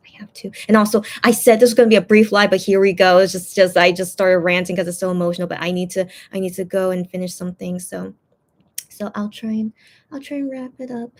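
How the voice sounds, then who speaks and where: A woman's voice: medium pitch, fairly even intonation. A woman chatting on a casual livestream, rambling with many fillers and confiding her feelings to her viewers. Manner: rambling, heavy with fillers like "you know" and "like"; emotional and confiding, quick to apologise. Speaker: livestream host reading chat.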